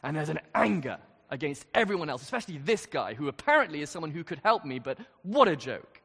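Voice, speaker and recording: An earnest male preacher with a high, lively voice that swings up and down as he presses his questions. His words ring out with a long reverb, as if from a large hall. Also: fast, vocal fry, breathy edge. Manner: earnest, rising to emphatic questions. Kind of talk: sermon.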